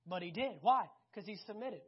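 A preacher delivering a sermon, emphatic and animated, repeating key phrases and swinging between loud and hushed. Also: medium pitch, a little fast, slightly rough. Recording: dull lo-fi recording.

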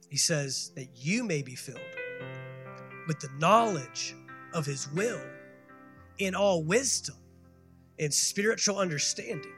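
A pastor preaching a sermon, building to loud emphatic peaks and calling for the congregation to respond. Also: male voice, high voice, lively intonation, measured pace, long pauses, faint music behind. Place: church sanctuary.

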